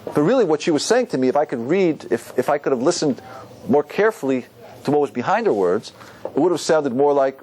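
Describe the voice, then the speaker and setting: A man's voice: a little high, brisk, a little hiss or hum. A man, a rabbi, teaching a Torah class and asking his listeners questions. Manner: animated, asks the audience questions.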